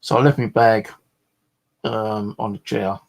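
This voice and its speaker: A man's voice: lowish voice, steady tone, unhurried, vocal fry. A man chatting casually in a vlog, a rambling storyteller full of fillers and the odd swear word. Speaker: vlogger.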